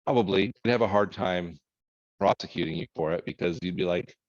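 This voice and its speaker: A man's voice: sits low, brisk, lo-fi sound. A man teaching a recorded college lecture in a conversational way, thinking aloud with fillers and correcting himself as he goes. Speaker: instructor.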